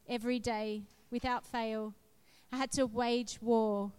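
A woman giving a sermon built around her own testimony, speaking slowly and deliberately. Her voice sits a little high and sounds smooth and clear. She tells her story earnestly and with emphasis. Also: little pitch movement, a little mellow. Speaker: preacher sharing testimony.

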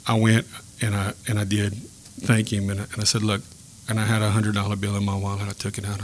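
A man sharing a personal faith story in a podcast chat, earnest and reflective, pausing and restarting as he speaks. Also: fairly low pitch, a little hiss or hum. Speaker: guest telling a faith story.

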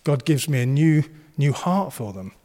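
A man's voice: mid-range voice, lively intonation, moderate pace, warm tone, in a large hall. A man preaching a sermon, earnest and encouraging, and he slips into playful banter. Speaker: pastor.

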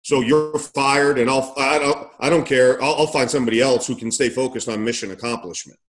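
A man's voice: mid-range voice, steady tone, brisk. Emphatic middle-aged man coaching coaches. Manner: emphatic, repeats words, rhetorical questions. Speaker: coaching consultant. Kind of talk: instructional talk.

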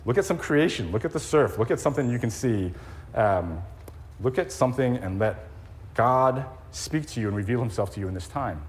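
A man in his forties preaching a conversational sermon, gently humorous, with frequent ums. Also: medium pitch, lively intonation, normal speed. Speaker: pastor. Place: church sanctuary. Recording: long reverb in a church hall.

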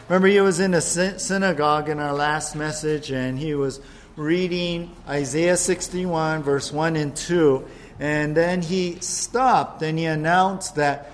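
A male pastor with a slightly high voice leads a verse-by-verse Bible study in a church, preaching in a lively, conversational manner and cracking jokes.

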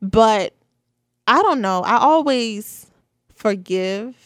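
A woman's voice: fairly high pitch, expressive, takes it slowly, a bit bright, no room sound. Chatty young woman, dry close sound. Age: 20s. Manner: chatty, candid, many "you know" and "like" fillers. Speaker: podcast host. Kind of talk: casual solo podcast talk.

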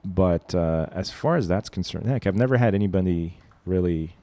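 On a studio-mic podcast, a man with a low, dark-toned voice chats casually at a moderate pace. He tells jokey stories and slips into put-on voices along the way.

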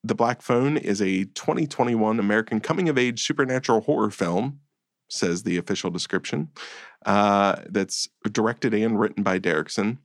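A man's voice: on the low side, dry recording, studio quality. A man co-hosting a podcast, reviewing films in casual chat with a blunt, exasperated manner. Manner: blunt, exasperated, quick asides. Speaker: podcast co-host.

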